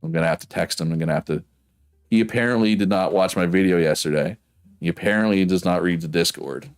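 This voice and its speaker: A man with a Prince Edward Island accent rambles casually through a game stream, reading chat as he goes. His voice sits low and deep. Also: fast, clear, resonant tone, soft background music. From Prince Edward Island, Canada. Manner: rambling, chatty, reads chat aloud.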